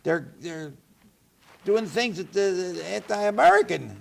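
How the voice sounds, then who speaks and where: A man's voice: high voice, animated, measured pace, gravelly. A man hosting a talk show, chatty, rambling and opinionated. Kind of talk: casual talk show conversation.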